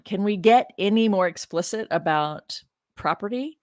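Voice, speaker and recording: A woman's voice: mid-range voice, expressive, normal speed, a little mellow, dry recording, clean studio sound. A woman who teaches religion, giving casual commentary on a scripture reading, emotional, exasperated and blunt. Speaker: religion professor.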